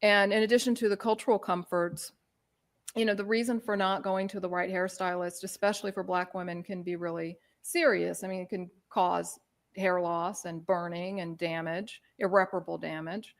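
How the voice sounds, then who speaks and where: A woman's voice: lowish voice, little pitch movement, normal speed. Conversational woman presenting a talk. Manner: informal, many filler phrases. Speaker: presenter on hair culture. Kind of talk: conversational lecture.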